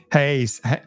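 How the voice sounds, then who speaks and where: A man's voice: mid-range voice, slightly rough. Giggly British man streaming live. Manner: giggly, chatty, laughs often, rambling. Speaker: livestreamer. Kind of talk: casual livestream chat. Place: at home, watching his stream on a TV.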